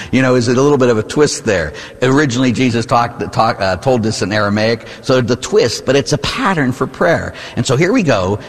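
A male priest gives a sermon with a low, slightly husky voice, swinging widely in pitch as he talks. He preaches in an easy, conversational way, firing rhetorical questions at his listeners. The sound rings with the long reverb of a church hall. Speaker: Catholic priest.

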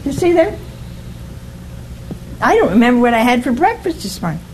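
An older woman preaches an informal, folksy sermon, often pausing to ask "see?" and putting questions to her listeners. Her voice is a little high and sing-song, at a moderate pace, with background noise behind her.

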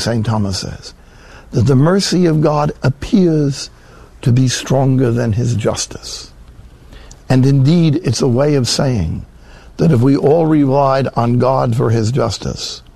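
A man preaching a sermon in an earnest way, rising to emphatic peaks and slowing down for scripture. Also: medium pitch, creaky, warm tone, breathy edge.

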